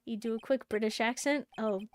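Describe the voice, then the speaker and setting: A woman's voice: fairly high pitch, steady tone, brisk. A woman streaming a game, joking and self-mocking as she reads along. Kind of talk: casual game stream commentary.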